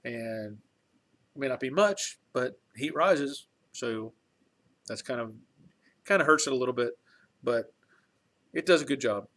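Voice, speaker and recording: A man's voice: mid-range voice, lively intonation, a little slow, long pauses, a bit bright. Middle-aged male host, folksy, rambling live-stream chat from his garage. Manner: rambling, folksy, with restarts and chuckles. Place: home garage workshop.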